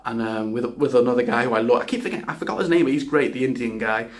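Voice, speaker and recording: A man's voice: mid-range voice, fast. A man giving a casual spoken video game review, rambling and enthusiastic, often restarting his sentences and swearing.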